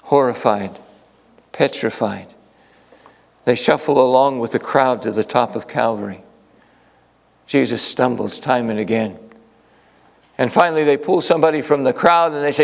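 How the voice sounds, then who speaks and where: A man preaching a sermon in a church, telling the story dramatically, his voice rising to urgent questions and sinking to hushed lines. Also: medium pitch, normal speed, gravelly, long pauses. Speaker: pastor. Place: church sanctuary. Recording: long reverb from a large hall.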